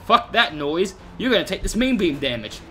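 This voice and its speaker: A man voicing a stubborn, ugly male monster who yells defiant curses, pitched far above his usual voice. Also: very animated, normal speed, soft background music, full character voice.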